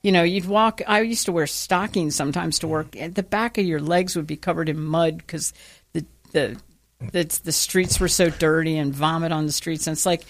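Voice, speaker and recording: A woman's voice: sits low, moderate pace. A woman co-hosting a talk radio show, chatting casually and telling stories with acted-out quotes. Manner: animated storyteller, acts out quotes.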